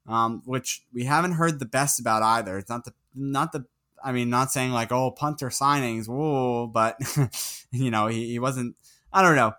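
A man's voice: medium pitch, pushed and bright. A young man co-hosting a casual sports podcast, talking in a rambling way full of fillers and small laughs. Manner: rambling, filler-heavy, chuckling. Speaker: podcast co-host.

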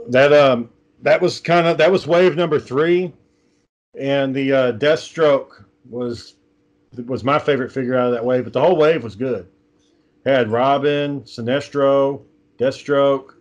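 A man's voice: medium pitch, a little slow, lo-fi sound. Rambling casual-talking man. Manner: rambling storyteller, many fillers and restarts. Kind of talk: casual chat.

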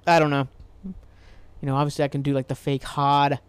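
A man's voice: medium pitch, flat delivery, quick pace, smooth, no room sound. A man from Ohio hosting a casual solo podcast, rambling loosely, swearing freely and laughing at himself. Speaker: podcast host.

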